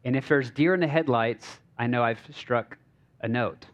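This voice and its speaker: A man preaching from a church stage in a loose, chatty way. He jokes, drops fillers like "like" and "uh," and keeps asking the crowd if they follow him. His pitch sits in an ordinary middle range for a man. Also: normal speed, muffled recording. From United States. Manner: casual and joking, with many fillers and checks on the crowd. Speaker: pastor. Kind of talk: conversational sermon.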